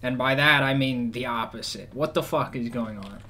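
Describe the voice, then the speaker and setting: A man's voice: medium pitch, normal speed, sharp tone. A man ranting in a casual, rambling way, swearing often and full of sarcasm. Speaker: vlogger. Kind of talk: casual rant.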